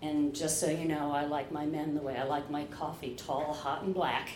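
A woman's voice: deep voice, steady tone, moderate pace. A woman telling a candid, profane personal story on stage, laughing often. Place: stage under bright lights. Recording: echoey live venue with ambient noise.

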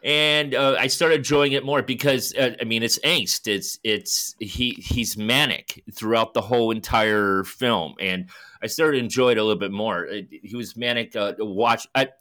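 Bright-toned lowish man in casual chat. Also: normal speed. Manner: animated, swears freely and acts out scenes. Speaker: podcast co-host. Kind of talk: casual film discussion.

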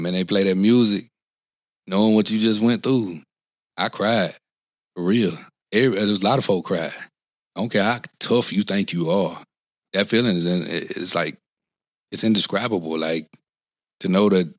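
Earnest and rambling, a man in his forties who served in the Marines gives a casual interview full of restarts and "you know what I'm saying". The recording has no room sound, and his deep voice has a fairly bright tone.

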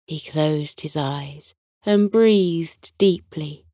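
A woman reading a scripted bedtime story for children in a soothing, expressive way. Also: deep voice, extremely slow, dry recording, clean studio sound.

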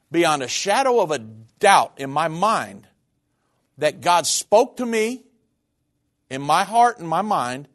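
A middle-aged man, a minister, giving a personal testimony in a sermon, speaking in an earnest, candid, conversational way. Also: fairly high pitch.

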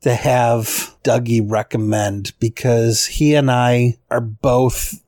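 A man's voice: mid-range voice, fairly even intonation, takes it slowly, a little mellow, no echo, clean studio sound. A middle-aged man co-hosting a podcast in casual chat, easygoing and self-deprecating. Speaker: podcast co-host.

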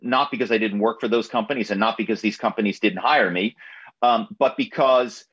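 A man talking as an author and guest in a radio interview, often halting and repeating words as he starts. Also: fairly low pitch, fairly bright tone, slightly rough, muffled recording.

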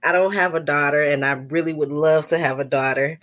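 A woman's voice: sits low, fairly even intonation, a little fast, a bit bright, dry recording, studio quality. A woman guest on a podcast, slightly under the weather, giving short upbeat answers. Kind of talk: casual interview chat.

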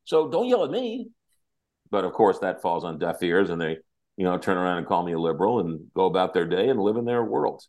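A man hosting a talk show, chatting about politics in an animated, repetitive, exasperated way. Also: low-pitched, a little fast. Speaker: radio talk host. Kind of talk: casual political chat.

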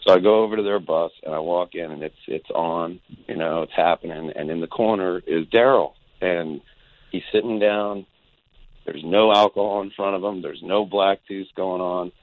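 A low-pitched man calling in over a tinny, dry phone line. He rambles through a story, restarting his sentences and acting out what everyone said. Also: fairly even intonation, normal speed, dry recording. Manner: rambling anecdote with acted quotes. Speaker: guest musician.

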